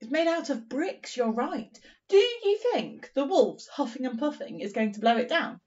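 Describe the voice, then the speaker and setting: A woman teacher leads young children through a phonics lesson, sounding out each word slowly and praising them as she goes. Her voice sits a little high. The recording is dull and picked up from some distance away. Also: sing-song, darkish tone. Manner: encouraging, slow and sing-song, sounding out words. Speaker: primary teacher.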